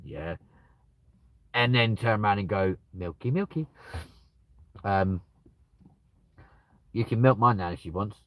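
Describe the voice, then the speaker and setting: Crude joking man, lowish voice. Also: fairly bright tone, no room sound. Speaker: livestreamer reading out chat. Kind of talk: casual chat. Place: at home with dogs nearby.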